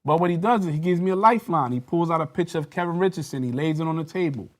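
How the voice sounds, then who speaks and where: A man's voice: fairly high pitch, very fast. A man telling a personal story in a panel discussion, acting out the dialogue with rising intensity. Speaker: guest recounting a police interrogation.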